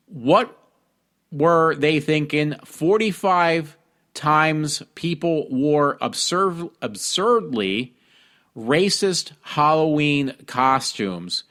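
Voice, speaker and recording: A man from hosting a casual talk show, reading news stories aloud and commenting on them with many ums, pauses and restarts. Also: fairly high pitch, animated, fairly bright tone. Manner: reads articles aloud with frequent ums and restarts. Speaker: podcast host.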